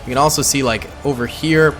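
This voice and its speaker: Excitable man commentating a game. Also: medium pitch, a little fast, music in the background. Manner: upbeat, chatty, excitable with playful slang. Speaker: gaming YouTuber commentating a battle simulation. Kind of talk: casual gameplay commentary.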